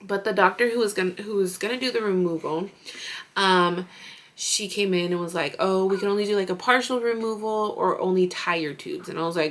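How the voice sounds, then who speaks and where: A woman's voice: mid-range voice, fairly quick, a bit bright. A woman in her thirties, a mother vlogging, chatting casually and animatedly through a story with lots of fillers.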